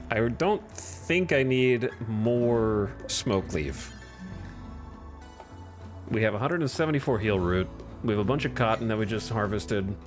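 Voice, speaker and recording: Guy streaming a game, chill and chatty, talking through his moves, soft music behind. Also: on the low side. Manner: thinks aloud while playing, chatty and easygoing. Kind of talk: casual gameplay commentary.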